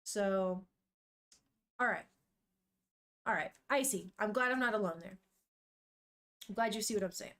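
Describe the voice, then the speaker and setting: A young woman on a live stream reads a manga aloud while chatting casually with viewers, swearing now and then. Her medium-pitched voice has a fairly bright tone, and she speaks unhurriedly, pausing often.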